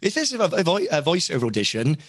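A man's voice: on the high side, wildly swooping pitch, fast talker, husky, no echo. A Welsh man, a voice actor, talking frankly and at length as an interview guest, often criticising himself. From Wales. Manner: frank, rambling and self-critical. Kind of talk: candid conversational chat.

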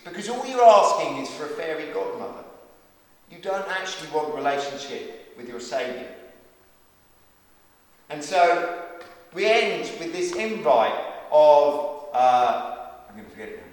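A man's voice: on the high side, expressive, unhurried, long pauses, a little mellow. Male pastor, earnest and emphatic sermon delivery, distant mic with long church reverb. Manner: earnest, emphatic preaching with repeated calls. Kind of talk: sermon and closing prayer. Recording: echoey hall from far off.

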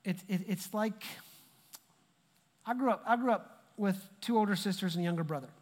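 A man's voice: high-pitched, moderate pace, a little mellow. A male pastor delivering a sermon in a conversational way, repeating phrases for emphasis. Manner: conversational preaching with emphatic repetition. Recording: long hall reverb.

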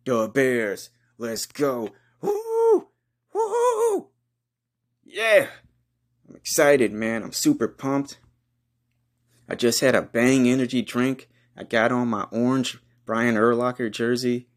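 A man hosting a comedy podcast, giving a crude, boastful hype monologue full of rowdy trash talk and loud whoops. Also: medium pitch, steady tone, a little slow.

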